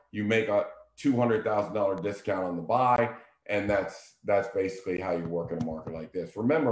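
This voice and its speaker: A man talks real estate in an emphatic, coaching tone. His voice sits low, and the room around him is echoey. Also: a little mellow. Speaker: real estate agent, show host. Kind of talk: casual business chat.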